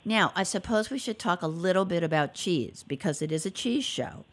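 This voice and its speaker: A woman's voice: fairly low pitch, lively intonation, moderate pace. A woman hosting a podcast interview, encouraging her guest with frequent affirming murmurs. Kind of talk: casual interview conversation.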